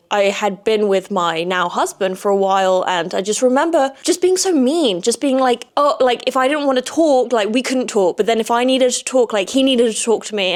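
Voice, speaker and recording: A young woman hosting a podcast, talking candidly and rambling in a frank personal monologue, swearing freely. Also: medium pitch. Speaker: podcast host.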